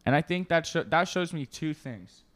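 A man's voice: fairly high pitch, moderate pace. Joking young man co-hosting a podcast. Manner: joking, animated, sarcastic. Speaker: podcast co-host. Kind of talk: casual chat.

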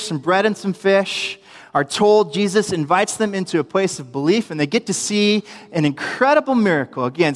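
Young male preacher with a high voice, animated storyteller, long room echo. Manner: storytelling, animated, acts out quotes, humorous asides. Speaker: preacher, youth minister. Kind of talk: sermon.

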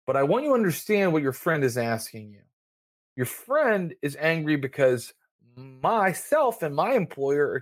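A man's voice: mid-range voice, lightly acted. A man voicing a menacing young male drug dealer who threatens with a gun. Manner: sneering, smooth-talking threats.

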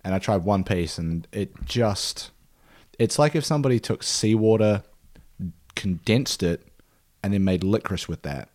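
A man with a very deep voice chats casually as a podcast co-host. He talks in a halting way, full of fillers and restarts as he reads out contact details. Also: darkish tone. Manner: hesitant, filler-heavy. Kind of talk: casual chat.

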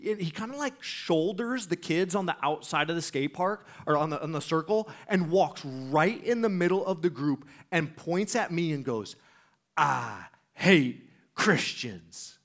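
Guy preaching a funny story, voice bouncing all over, slightly high. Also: normal speed, few pauses. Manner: animated, laughing, acts out voices. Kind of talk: sermon storytelling.

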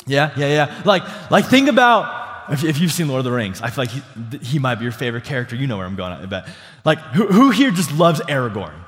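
A man's voice: mid-range voice, big pitch swings, brisk. A young adult man, a pastor, preaching a casual sermon full of fillers and restarts, asking the congregation questions. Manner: asks the congregation questions and calls for responses. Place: church sanctuary before a congregation. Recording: long hall reverb.

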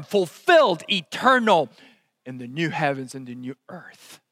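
A man preaching a sermon, swinging from loud exclamations to hushed, intense asides. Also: fairly high pitch, very animated, measured pace, dry recording, studio quality. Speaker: pastor.

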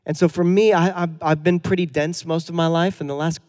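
A man in his thirties, a pastor giving a sermon in a relaxed, conversational storytelling way with self-deprecating humor. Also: fairly high pitch, brisk.

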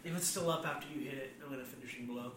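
Joking man at a tabletop game. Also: medium pitch. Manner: joking, quick quips. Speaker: player. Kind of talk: casual tabletop game chat. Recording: echoey room, distant mic, background noise.

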